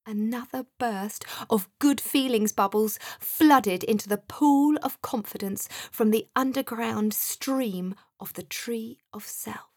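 A woman narrating a children's story in a slow, soft, soothing manner. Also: a little high, slightly rough, no room sound, clean studio sound.

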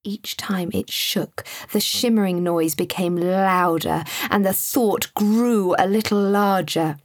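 A woman reading a children's story aloud in a calm, measured way. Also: mid-range voice, dry recording, studio quality. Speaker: storybook reader. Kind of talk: scripted children's story narration.

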